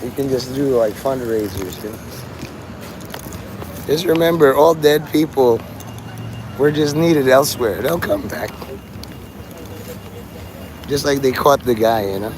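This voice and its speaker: A man chats his way through a street livestream in a loose, rambling way, dropping profanity and dark joking asides. Loud traffic and city ambience wash over his voice. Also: medium pitch, a little slow, long pauses. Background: vehicles and city ambience.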